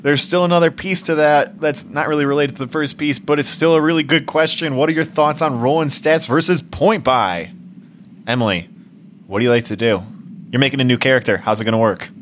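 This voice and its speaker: A man's voice: a little high, fairly bright tone, a little hiss or hum. A man co-hosting a tabletop gaming podcast, talking bluntly and jokily with plenty of swearing. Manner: blunt, profane, jokey. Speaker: podcast co-host. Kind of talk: casual chat.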